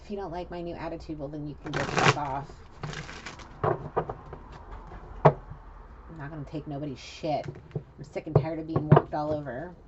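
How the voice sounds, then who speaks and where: A woman's voice: low-pitched, steady tone, normal speed, long pauses, highs cut off, heavy background noise, lightly acted. A woman voicing a defiant young woman with a new attitude, sassy and profane.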